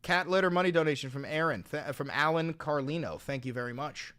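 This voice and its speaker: A man hosting a livestream and reading out donations, talking sarcastically, bursting into loud mocking rants and dropping to low dry replies. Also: fairly quick, clear, resonant tone.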